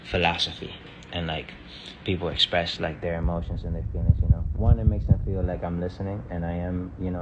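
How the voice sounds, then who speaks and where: Deep-voiced man rambling on a livestream. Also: fairly bright tone, a little hiss or hum. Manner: rambling, loose slangy talk full of fillers. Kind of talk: casual livestream chat.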